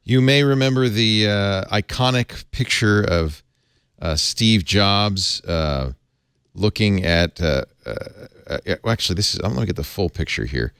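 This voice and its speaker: A deep-voiced man hosts a casual tech chat, pausing often with hesitant fillers. His voice sits close and dry on the studio mic. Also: animated, fairly bright tone, clean tone, no room sound. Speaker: host.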